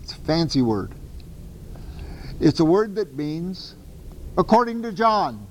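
A man giving a lecture on the Bible to a class, talking in an animated, emphatic way with casual asides and self-corrections. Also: a little high, slow, big-room sound, slight background noise, low-quality recording. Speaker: Bible teacher.

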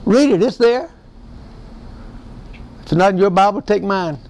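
A man leads a folksy Bible-study sermon. His voice sits high for a man, and he talks in an excitable way, chuckling often. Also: a little slow. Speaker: preacher.

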